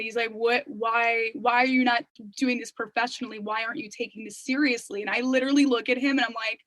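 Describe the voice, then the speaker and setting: Young woman, interview guest, loose chatty storyteller, higher pitch. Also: fairly even intonation, fast, few pauses, fairly bright tone, dry recording, low-quality recording. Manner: chatty storytelling, many "like" and "you know" fillers. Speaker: interview guest, singer-songwriter. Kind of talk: casual interview chat.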